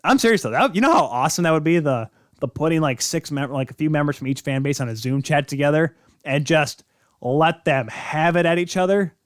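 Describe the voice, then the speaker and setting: A man's voice: fairly high pitch, fairly quick, no room sound, clean studio sound. Rambling male sports podcast host. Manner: rambling, self-correcting, jokey. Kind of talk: casual sports talk.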